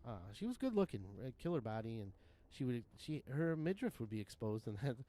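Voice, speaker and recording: A man's voice: mid-range voice, very animated, a little fast, mellow. A man in his thirties or forties, rambling casually and profanely while streaming a game, with frequent laughs. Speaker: livestream gamer. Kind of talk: casual gaming commentary.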